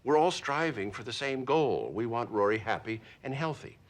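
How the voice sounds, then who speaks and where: An actor playing a stern, formal older father with a measured, authoritative way of speaking in a TV comedy-drama. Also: mid-range voice, animated, close to an everyday voice.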